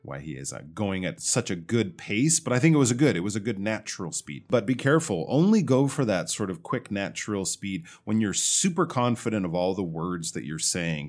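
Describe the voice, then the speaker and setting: A male English teacher with a somewhat low voice gives patient feedback on submitted recordings. He explains things plainly and stretches out example words slowly to model how they should sound.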